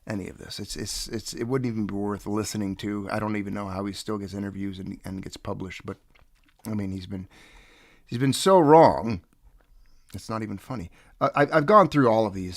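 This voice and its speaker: A man's voice: fairly low pitch, no room sound, studio quality. A man hosting a casual livestream, rambling and greeting viewers by name, sounding stuffed up from nasal congestion. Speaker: livestream host.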